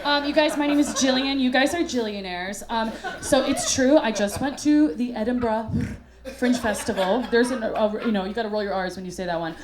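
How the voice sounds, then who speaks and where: A woman's voice: on the high side, moderate pace, crowd noise. A woman telling a comic story on a small theater stage, bubbly and playfully hamming it up. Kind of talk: live stand-up storytelling.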